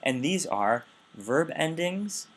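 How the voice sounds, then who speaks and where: In a recorded linguistics lecture, a man with a slightly high voice and big swings in pitch takes his time. He explains carefully but often restarts and corrects himself mid-sentence.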